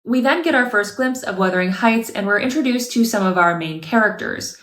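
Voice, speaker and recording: A woman's voice: fairly high pitch, animated, fairly quick, a bit bright. A woman narrating a scripted video review with wry, sarcastic asides. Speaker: video essayist. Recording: roomy echo.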